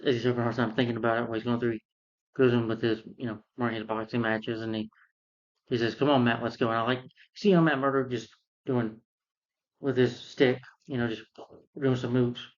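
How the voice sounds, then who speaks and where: A man's voice: mid-range voice, fairly even intonation, fairly quick, dull audio. A man retelling a film's plot in a casual, rambling way, full of fillers and restarts. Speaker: film reviewer.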